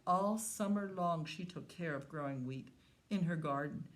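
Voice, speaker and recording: A woman who is a children's librarian, telling a story to young children at story time in a slow, sing-song way. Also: on the low side.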